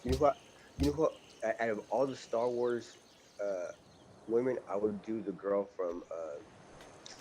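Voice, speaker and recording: A man's voice: fairly low pitch, unhurried, pauses often, darkish tone, slight background noise. A man streaming a game, chatting crudely with friends, rambling and trailing off mid-thought. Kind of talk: crude casual chat.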